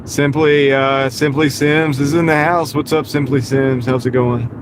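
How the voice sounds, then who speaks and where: A young man who drives deliveries chatting casually with his livestream viewers while driving, relaxed and chuckling often. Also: medium pitch, a little slow. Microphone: small wireless clip-on mic. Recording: road noise inside a moving car.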